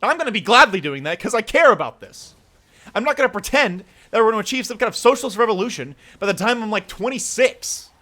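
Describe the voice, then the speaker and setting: A young male streamer delivers a fired-up political rant, cursing freely, pleading and pushing his point hard. His voice sits high for a man, bright, forceful and expressive, at a quick pace.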